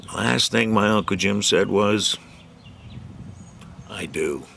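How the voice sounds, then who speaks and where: A man's voice: fairly low pitch, fairly even intonation, moderate pace, gravelly, fairly bright tone, slight background noise. A middle-aged man hosting his own segment, telling rambling folksy jokes with lots of fillers and chuckling at his own punchlines. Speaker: host of a community show segment. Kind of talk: rambling joke-telling monologue.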